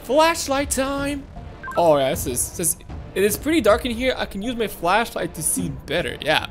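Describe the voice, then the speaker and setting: A woman host giving excitable let's-play commentary on a game, talking to her viewers and repeating words when things get tense. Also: mid-range voice, brisk, faint music behind. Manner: excitable, talks to viewers as "guys", shrieks and repeats words under pressure. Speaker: gaming channel host.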